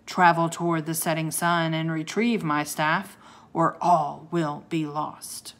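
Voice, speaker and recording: A woman reading aloud and voicing a gruff, huge bearded wizard who talks in a slow, booming, scornful way. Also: little pitch movement, fairly bright tone, full character voice. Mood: solemn.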